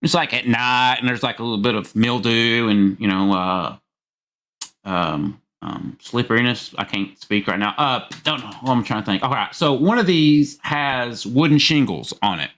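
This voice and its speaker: A man with a Southern accent hosts a live call-in stream, joking rowdily and swearing freely in casual chat. His voice is mid-range and fairly bright, at a moderate pace.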